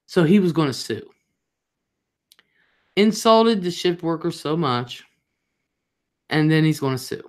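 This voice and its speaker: A woman's voice: lowish voice, animated, takes it slowly, long pauses. A woman hosting a casual livestream, chatting straight to her viewers in a rambling, talkative way. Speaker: livestream host.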